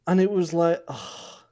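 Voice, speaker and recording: Casting note: male podcast co-host in his twenties, warm, mellow tone, hesitant storyteller. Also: medium pitch. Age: 20s. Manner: hesitant anecdote-telling with many restarts. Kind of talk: casual chat.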